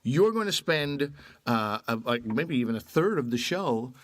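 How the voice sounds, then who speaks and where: A man co-hosting a podcast, chatting casually and telling comic stories with quick impressions of others. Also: mid-range voice, no echo. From Canada. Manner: animated storyteller, does voices of others. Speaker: podcast co-host. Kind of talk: casual comedic chat.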